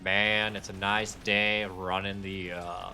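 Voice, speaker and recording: A man voicing a southern cattle rancher in a slow, folksy drawl with a Southern US accent. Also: deep voice, level tone, pushed and bright, full character voice.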